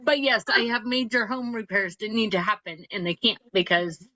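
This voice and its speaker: A woman's voice: mid-range voice, moderate pace, sharp tone, dry recording, lo-fi sound. A woman on an online training call, joking and good-humored. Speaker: call participant.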